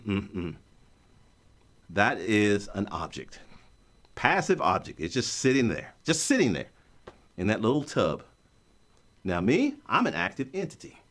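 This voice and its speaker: A man teaching an online course, explaining concepts in a joking, story-driven way. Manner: animated, joking storyteller with a lively pitch. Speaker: course instructor. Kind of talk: recorded online lecture.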